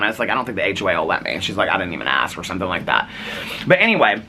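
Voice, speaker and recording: A man's voice: fairly low pitch, very animated, rapid-fire, bright, forceful tone, slight background noise. Chatty man rambling through a story. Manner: rambling, lots of "like", quotes others in raised voice. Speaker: vlogger.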